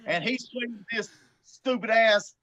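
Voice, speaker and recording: A man, telling a story in an animated way, often stammering and laughing. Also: extremely high pitch, slow pace, highs cut off. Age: 40s. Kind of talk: casual storytelling.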